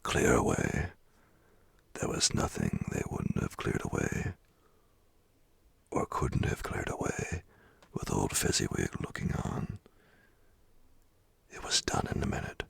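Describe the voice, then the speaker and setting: A man reading a classic tale aloud as a slow, whispered bedtime story in a whispered role-play. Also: a bass voice, sing-song, vocal fry, fairly bright tone, breathy edge, no room sound.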